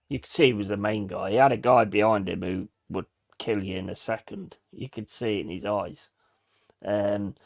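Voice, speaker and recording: A man with a fairly low voice and vocal fry hosts a live stream, casually telling holiday stories. He swears freely and acts out the voices of people he quotes.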